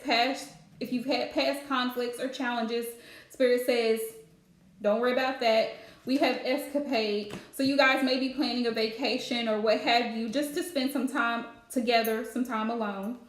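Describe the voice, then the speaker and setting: In an echoey room, a woman with a high-pitched voice does a live-streamed spiritual reading as a psychic card reader. She's chatty, hands out advice, and fills her speech with fillers.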